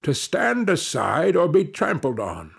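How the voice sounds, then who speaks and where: A man putting on a scornful colonial official from a storybook, his voice jumping up high as he barks his orders. He sounds fierce, impatient and full of contempt. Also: wildly swooping pitch, a little slow, creaky, breathy edge, heavily acted.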